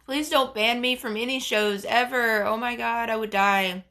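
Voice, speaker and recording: A woman's voice: on the high side, fairly even intonation, moderate pace, pushed and bright. A woman with a head cold, hosting a casual livestream, chatting to viewers in a rambling way. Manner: chatty, rambling storyteller with lots of fillers. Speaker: livestream host. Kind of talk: casual live chat reading comments.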